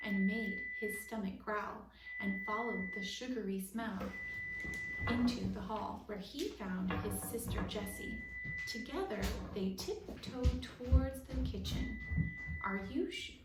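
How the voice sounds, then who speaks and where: A woman reading a children's picture book aloud at storytime, softly, and dropping into whispered asides to explain the pictures. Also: mid-range voice, animated, unhurried. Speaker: storytime reader. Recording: roomy, distant, faint hiss.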